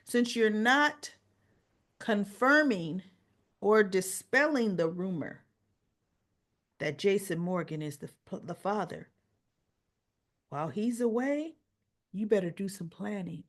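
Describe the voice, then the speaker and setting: A woman's voice: mid-range voice, slow pace, long pauses. A woman hosting a casual soap opera recap, retelling scenes and acting out the characters' lines. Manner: animated storyteller, acts out quoted dialogue.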